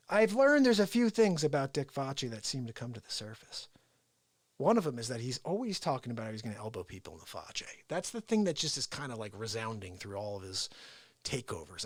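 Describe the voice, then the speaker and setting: Lively man telling a rambling story. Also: sits high, dry recording. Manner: animated storytelling, acting out quotes, dropping to whispers and shouting. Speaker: host of a daily live variety show. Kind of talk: unscripted live-stream monologue. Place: small room with speaker and organ.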